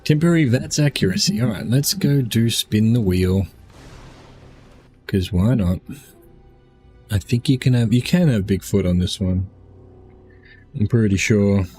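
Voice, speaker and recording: A man's voice: lowish voice, measured pace, long pauses, warm tone, soft background music. A tired man streaming a game, rambling casually as he plays and muses over chat questions. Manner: rambling, musing aloud, answering chat questions. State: tired, yawning.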